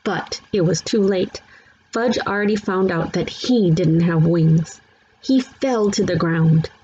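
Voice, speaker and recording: A woman reading a children's chapter book aloud in steady, plain narration. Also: fairly low pitch, slow, lo-fi sound, a little hiss or hum. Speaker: storybook reader.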